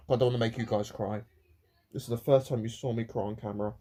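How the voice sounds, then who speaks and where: A man's voice: medium pitch, steady tone, dark tone. Emotional man ranting to camera. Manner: rambling and halting, many restarts and repeated words; emotional, near tears. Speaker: vlogger. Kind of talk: personal rant vlog.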